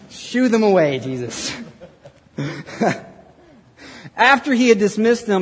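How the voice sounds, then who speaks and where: A man preaching a sermon as a pastor, playfully narrating a scripture skit and bursting into loud dramatic reading. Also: sits high, husky, in a large hall. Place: large hall with audience.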